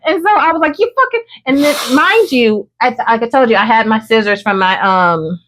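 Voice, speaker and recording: A woman co-hosting a podcast, telling a story in a casual, animated and profane way. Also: on the high side, moderate pace. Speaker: podcast co-host.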